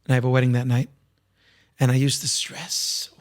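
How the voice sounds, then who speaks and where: A man with a slightly raspy voice, a singer talking candidly as a podcast guest, reflective and full of restarts. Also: mid-range voice, little pitch movement, normal speed. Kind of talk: casual interview conversation.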